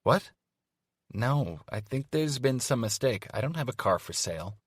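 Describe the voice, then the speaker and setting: A man voicing a sharp-tongued young woman talent agent in an audiobook, mocking and sweetly teasing. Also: mid-range voice, animated, normal speed, husky, no room sound, pitched above the performer's own voice. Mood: flustered. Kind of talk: audiobook character voice.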